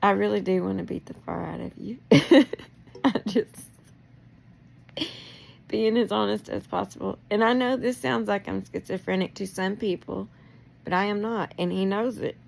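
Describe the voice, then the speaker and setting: A woman's voice: medium pitch, fairly even intonation, moderate pace, creaky. A middle-aged woman in a rambling, emotional personal monologue, confronting someone directly and laughing through her anger.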